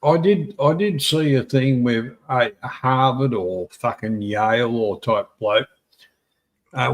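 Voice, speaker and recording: Australian host, slow halting delivery with lots of restarts, casual and sweary. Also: male voice, mid-range voice. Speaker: stream host. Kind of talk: casual chat.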